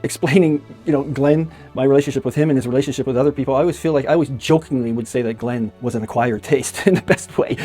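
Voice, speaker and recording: With a medium-pitched, darkish voice, a middle-aged magician from Canada offers a casual memorial tribute, laughing often as he tells warm, chatty stories about a friend who has died.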